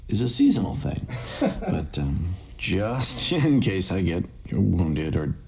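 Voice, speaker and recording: A man's voice: deep voice, wildly swooping pitch, takes it slowly, gravelly, a crowd in the background. A man with a British accent chatting in an interview, jokey and self-mocking with laughs between phrases. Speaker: voice actor in an interview. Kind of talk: casual interview chat.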